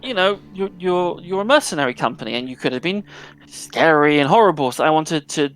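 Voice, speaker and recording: A man's voice: a little high, expressive, fairly quick, fairly bright tone, soft background music, pitched above the performer's own voice. A man voicing a young female reporter in her late teens, stammering and apologetic. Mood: earnest.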